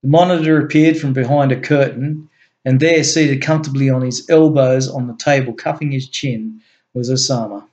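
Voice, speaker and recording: A man reading his own story aloud in an unhurried, plain way, with the occasional restart. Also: mid-range voice, steady tone, a little mellow, dull audio. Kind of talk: amateur story narration.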